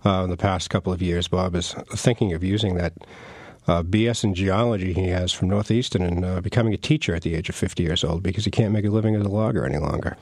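Speaking fast in a low, steady, somewhat mellow voice, a middle-aged author being interviewed chats casually. His talk wanders, with frequent restarts and chuckles, and the recording is dry.

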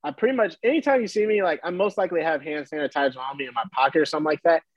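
Animated husky-voiced young man. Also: fairly high pitch, rapid-fire, no room sound, highs cut off. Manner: animated, acts out voices in his story, laughs often. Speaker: baseball player guest. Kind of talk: casual storytelling.

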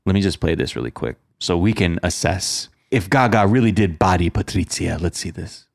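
A man's voice: low voice, lively intonation, normal speed, creaky, no echo. A man hosting a podcast in a casual, joking chat, full of filler words. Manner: laid-back, joking, with lots of filler words. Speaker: podcast host.

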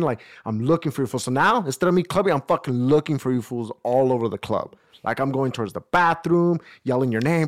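A young man telling a story to friends in casual chat, animated, swearing freely, full of slang and acting out what people said. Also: medium pitch, quick pace.

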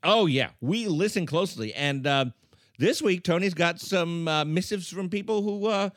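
A man's voice: high-pitched, animated, dry recording, clean studio sound. A man co-hosting a comedy podcast, playful and teasing in casual banter. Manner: playful, teasing, dramatic pauses. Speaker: podcast co-host.

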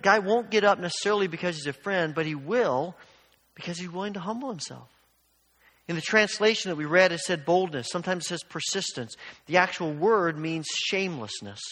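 A man's voice: high voice, a bit bright. An older man preaching a sermon as pastor, telling stories in a conversational, earnest way. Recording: long hall reverb.

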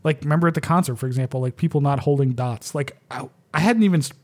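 A man's voice: a little high, fast talker, darkish tone. A man who is a pipe major, talking casually and bluntly with frequent swearing. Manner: blunt, profane, laid-back. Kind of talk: casual podcast chat.

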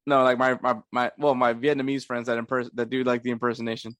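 A man's voice: mid-range voice, little pitch movement, fast talker, a bit bright, no echo. A man co-hosting a podcast in casual chat, hesitant and chuckling as he talks. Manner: hesitant, chuckling, with many restarts. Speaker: podcast co-host.

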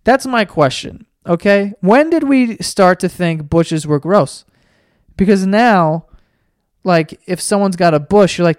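A podcast host riffing through a profane, rambling comedic monologue with animated storytelling. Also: mid-range voice, unhurried, smooth, dry recording, studio quality.

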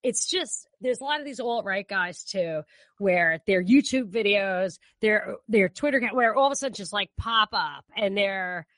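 A woman's voice: mid-range voice, animated, moderate pace, a bit bright, dry recording. A woman co-hosting a political podcast, opinionated and conversational. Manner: opinionated, conversational, restarts often. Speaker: podcast co-host. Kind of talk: casual political podcast chat.

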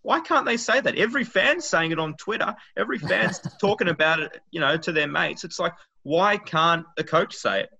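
Opinionated Australian man, bright and muffled. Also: high-pitched, expressive, moderate pace, vocal fry, hardly any pauses. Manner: opinionated, emphatic. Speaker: podcast co-host. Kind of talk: casual panel chat. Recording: muffled lo-fi audio.

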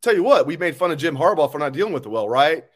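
A man's voice: fairly high pitch, lively intonation, quick pace. Mad guy hosting a sports stream, blunt ranting, swears a lot, reads comments off a desk mic. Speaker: sports show host. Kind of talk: live call-in sports talk.

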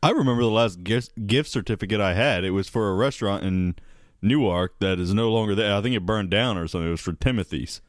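A man co-hosting a podcast, making wry deadpan asides and swearing casually. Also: on the low side, fast, no echo, studio quality. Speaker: podcast co-host.

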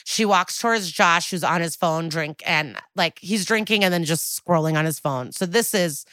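A woman's voice: on the low side, moderate pace, a bit bright, no room sound. A woman co-hosting a podcast, recapping an episode in a chatty, wry way and acting out the quoted lines. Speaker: podcast co-host.

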